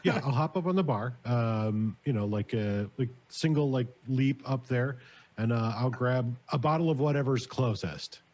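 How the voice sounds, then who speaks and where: A man's voice: medium pitch, moderate pace, darkish tone. A man playing a character in a tabletop role-playing game, stammering and repeating words as he describes his actions. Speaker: player.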